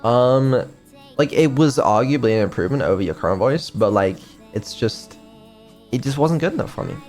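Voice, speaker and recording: A man's voice: mid-range voice, animated, normal speed, darkish tone. A man streaming casually as a developer, hesitant and full of ums, with some casual swearing. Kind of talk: casual live-stream chat. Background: faint music.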